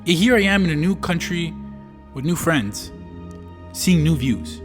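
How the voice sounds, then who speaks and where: A man's voice: fairly high pitch, lively intonation, measured pace. A young man in his early twenties from Canada, telling a travel story in a laid-back, slangy voice-over. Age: early 20s. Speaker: travel vlogger. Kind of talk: casual voice-over narration. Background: faint background music.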